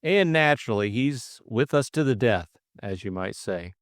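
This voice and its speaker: A man's voice: medium pitch, expressive, normal speed, no room sound, clean studio sound, lightly acted. A man voicing a breezy, chummy young upper-class Englishman in an audiobook drama, talking in a chatty, confiding way. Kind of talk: audiobook character voice.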